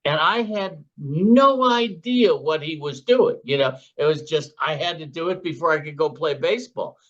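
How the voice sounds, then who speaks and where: A man's voice: fairly high pitch, normal speed, fairly bright tone, lo-fi sound. A man in his sixties from Chicago, a former floor trader being interviewed, telling anecdotes in a chatty way and acting out the voices of the people in his stories. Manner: chatty anecdotal storyteller who acts out his own and others' quoted lines. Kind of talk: casual interview storytelling.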